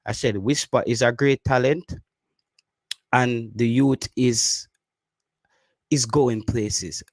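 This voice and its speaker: A Jamaican man with an average-pitched voice chats casually on a live stream, picking through viewer comments. He repeats and restarts his phrases and drifts into patois. The sound is dry and close, with no room around it. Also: no echo. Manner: reads viewer comments aloud, repeats himself, slips into patois.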